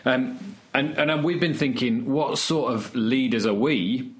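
A man's voice: mid-range voice, a little slow. Man telling church stories. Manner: storytelling, animated, many restarts. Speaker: student church leader. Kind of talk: casual podcast conversation.

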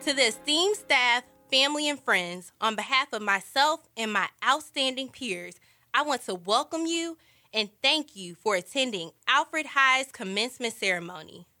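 An earnest young woman heading off to college, as an actress plays her. She narrates her story with heartfelt feeling and a slightly high voice. A music score plays clearly beneath her words. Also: lively intonation, normal speed, bright, forceful tone. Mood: proud. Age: young adult. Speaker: lead character and narrator. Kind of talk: audio drama narration and dialogue.

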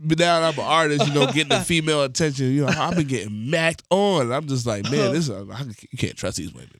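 A young man, a guest musician, telling stories in a slangy, animated way and laughing. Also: on the high side, fast, dry recording, studio quality. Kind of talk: casual chat.

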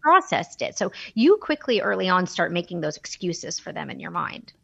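A woman's voice: on the low side, moderate pace, creaky, husky. A woman telling a personal story in a podcast chat, candid and emotional, acting out the dialogue she quotes. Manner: animated, acts out quoted dialogue. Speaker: guest.

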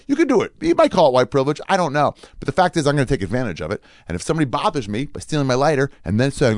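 A man's voice: mid-range voice, huge pitch swings, racing, few pauses, no room sound, studio quality. A man in his forties, a comedian delivering a rambling, profane, sarcastic monologue.

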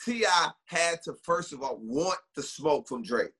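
High, bright, husky-voiced man ranting. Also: expressive, a little slow. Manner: emphatic, opinionated, storytelling. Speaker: podcast co-host. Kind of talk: casual podcast chat.

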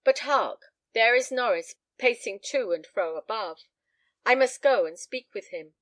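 A woman's voice: fairly high pitch, lively intonation, measured pace, no echo. A woman doing a grave anxious old father.

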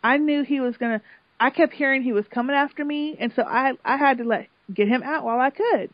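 Woman doing a calm girl explaining herself, dull lo-fi audio. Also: high-pitched, brisk, dry recording, close to an everyday voice. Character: calm young woman defending her game move. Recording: dull lo-fi sound.

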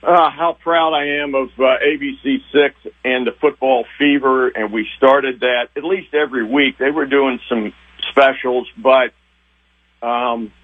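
An older man, a retiring TV sports director, reminiscing with emotion in a rambling, halting way. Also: medium pitch, fairly even intonation. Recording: tinny phone line.

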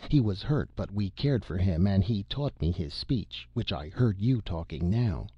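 Storybook alien read by a man: tall, eager green man, stilted earnest speech, low pitch, dull dry sound. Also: lively intonation, a little slow, slightly rough, no room sound, heavily acted.

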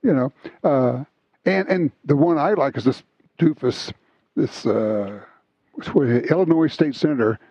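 A husky man hosts a casual talk, swapping stories in an animated, chatty way. The sound is a little dull and lo-fi. It is dry, with no room around it. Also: medium pitch, measured pace, dry recording. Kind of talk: casual chat, storytelling.

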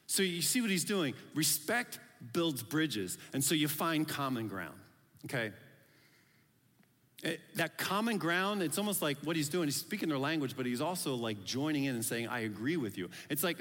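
Male pastor, higher voice, echoing hall. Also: fairly bright tone. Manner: conversational and playful, often acting out quoted voices. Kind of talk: sermon. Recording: long hall reverb.

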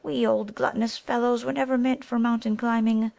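A woman voicing a fat older male monkey brother who calls out in a high, loud voice. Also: little pitch movement, brisk, vocal fry. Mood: soft, coaxing.

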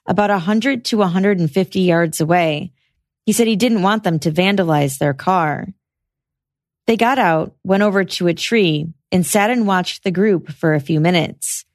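A woman hosting a podcast, giving a measured, scripted narration of a trial's testimony. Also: medium pitch, no echo, studio quality. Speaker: podcast host. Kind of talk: scripted true-crime narration.

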